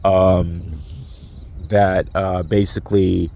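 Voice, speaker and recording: A man's voice: sits low, steady tone, drawn-out words, gravelly, a little mellow. A man with a stuffy nose, drowsy, rambling in a profane casual monologue full of fillers and restarts, recorded outdoors on a phone. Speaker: vlogger.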